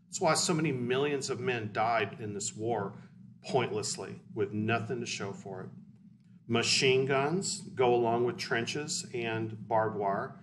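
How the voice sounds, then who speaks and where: Blunt, chatty male history teacher. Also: fairly low pitch. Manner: blunt, conversational, explanatory. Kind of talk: casual classroom lecture. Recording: distant mic with faint hiss.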